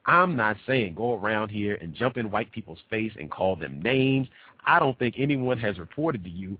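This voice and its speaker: A tired man hosting a radio show, talking in an animated, emphatic way and repeating points for effect. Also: lowish voice, moderate pace, slightly rough, dry recording. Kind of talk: animated talk at a conference. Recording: tinny phone-like dry recording.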